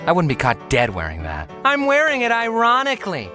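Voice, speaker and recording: A sarcastic cartoon rabbit talks down to everyone in a smug, dismissive drawl. His pitch swoops wildly from line to line, and his tone is bright and sharp. Music plays faintly under the clip. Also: wildly swooping pitch, brisk, exaggerated voice. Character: sarcastic, mean-spirited male cartoon rabbit.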